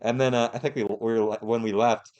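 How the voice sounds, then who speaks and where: A young man on a podcast, telling a story in casual, animated chat, swearing freely and mimicking the people in it. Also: medium pitch, fairly quick, muffled recording. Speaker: podcast co-host.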